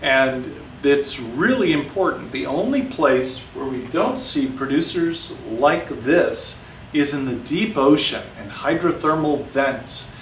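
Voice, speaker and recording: A man's voice: mid-range voice, expressive, slow pace, slight background noise. A man teaching a casual science lesson, talking chattily and joking with his students. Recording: roomy sound, distant mic.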